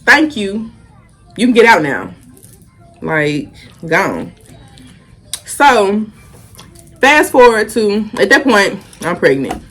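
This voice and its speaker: A woman's voice: medium pitch, a bit bright, breathy edge. A young woman, telling a casual storytime and animatedly acting out the quotes. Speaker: vlogger.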